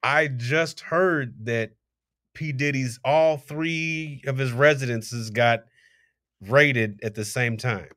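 A man's voice: mid-range voice, slow pace, a bit bright, no room sound, clean studio sound. A man guest in a casual talk-show chat, laughing easily and restarting his sentences.

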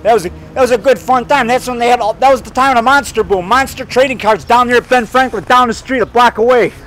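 A man in his fifties rambling excitedly while walking down a town street, talking to camera and calling the viewer brother and man. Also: very high-pitched, fast talker, slight background noise. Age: 50s. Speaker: filmmaker vlogging. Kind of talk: rambling outdoor vlog.

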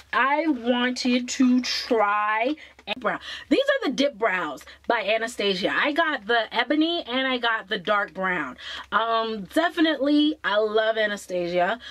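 A woman's voice: on the high side, fairly bright tone, no room sound. A woman chatting enthusiastically to her viewers in a casual beauty haul vlog. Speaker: beauty vlogger.

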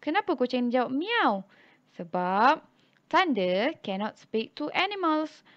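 A young Malaysian woman teaching English to young children. She walks through a storybook slowly and repeats each line in a second language. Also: high-pitched, sing-song. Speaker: primary school English teacher. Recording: dull lo-fi recording.

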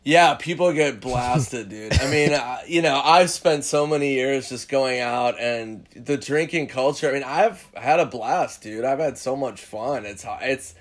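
A man's voice: medium pitch, unhurried, hardly any pauses. Laid-back joking man on a podcast. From Minnesota. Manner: laid-back, swearing, acts out quotes in funny voices. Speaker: comedian and screenwriter guest. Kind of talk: casual podcast chat.

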